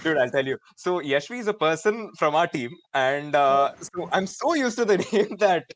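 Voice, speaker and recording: A man in his twenties with an Indian English accent, hosting a live online student event in an energetic, chatty way with many fillers. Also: fairly high pitch, normal speed. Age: 20s. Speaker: host.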